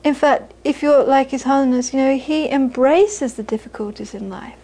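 A Buddhist teacher gives a live talk to an audience in a high-pitched, dark-toned voice at normal speed. She is earnest, repeats phrases for emphasis, and laughs while telling stories. The audio quality is poor.

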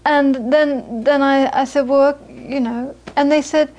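A woman teaching Buddhism to a live audience, moving from lively anecdotal storytelling into quiet, reflective teaching. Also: sits high, measured pace. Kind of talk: dharma talk to a live audience.

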